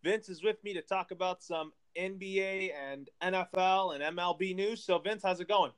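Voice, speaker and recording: A man's voice: sits high, moderate pace. A man hosting a casual sports podcast, welcoming listeners in an upbeat, friendly way. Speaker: podcast host.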